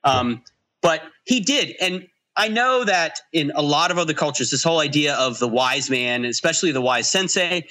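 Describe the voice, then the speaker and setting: A man's voice: on the high side, expressive, normal speed, pushed and bright. An American man co-hosting a podcast, talking reflectively in casual chat and laughing readily. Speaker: podcast co-host.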